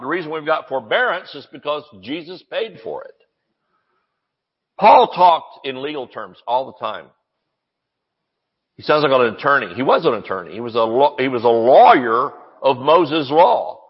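A man preaching a sermon, excitable, jumping between quiet asides and shouted declarations. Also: fairly high pitch, normal speed, slightly rough. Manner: excitable, shouts at peaks, jokes and laughs with the congregation. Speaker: pastor. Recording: dull, echoey church recording.

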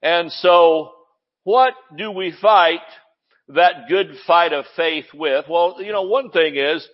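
Lively preaching man, lo-fi sound. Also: a little high, slow. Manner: lively preaching, frequent laughs and hallelujahs. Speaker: pastor. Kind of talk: sermon.

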